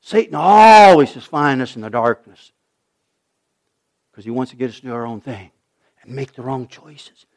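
A male pastor preaching a sermon, swinging from loud urgent shouts to hushed, almost whispered asides. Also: mid-range voice, normal speed, pauses often. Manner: animated preaching, rising to shouts, dropping to near whispers.

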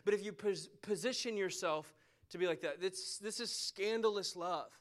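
A man preaching a sermon with passion, repeating phrases for emphasis and going soft and quiet toward the close. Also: high voice, normal speed. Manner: impassioned, repeats phrases for emphasis, drops to a soft tone near the end.

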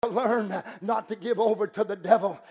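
A man preaching a sermon, swinging from loud fervent shouting to low, intense speech. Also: steady tone, normal speed, slightly rough.

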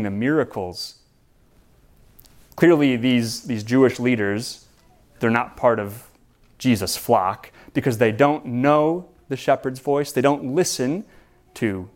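A man preaching a sermon as pastor, in a relaxed, conversational way with frequent restarts and repeated words. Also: mid-range voice.

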